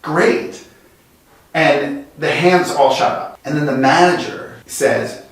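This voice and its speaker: A man speaking as a guest design executive, telling lively workplace anecdotes that speed up in quick bursts. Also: fairly high pitch. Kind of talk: conversational storytelling. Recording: very echoey room, distant mic.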